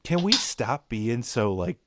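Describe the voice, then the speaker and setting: A man's voice: medium pitch, big pitch swings, slow, very noisy. A young man hosting a casual podcast chat, ranting bluntly and swearing. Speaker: podcast host.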